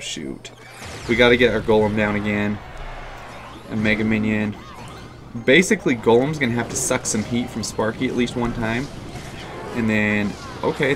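A young man commentating his own mobile game matches, frustrated and self-mocking, with sudden loud outbursts. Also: on the low side, noisy background. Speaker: gaming YouTuber.

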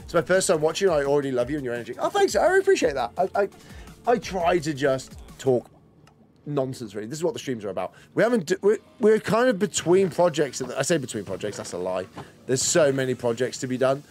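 A man's voice: medium pitch, lively intonation, quick pace, darkish tone, faint music behind. A man chatting casually while streaming a game, rambling and greeting and answering viewers as he plays. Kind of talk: casual live-stream commentary.

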